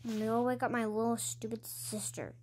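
A woman's voice: fairly high pitch, little pitch movement, normal speed, darkish tone, a little hiss or hum, close to an everyday voice. A woman voicing a mean, bossy older sister who sneers and insults, in a home-made game role-play. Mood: mocking.

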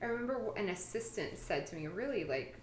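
A woman in casual chat among friends, lively and quick to act out little voices and quotes. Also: medium pitch. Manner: animated, acts out quotes and kid noises. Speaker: podcast host. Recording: roomy echo, light background hiss.

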